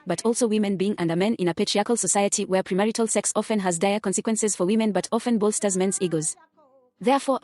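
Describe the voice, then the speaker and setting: A woman reading out an academic presentation in a steady, formal manner. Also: mid-range voice. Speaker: student presenter.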